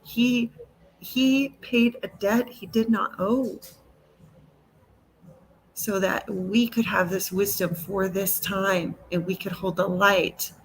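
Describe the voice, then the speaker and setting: A woman's voice: medium pitch, fairly even intonation, slow pace, slight background noise, rough recording. A woman speaking fervently and with heartfelt feeling in a spiritual talk-show conversation over a video call, blunt at times. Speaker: co-host.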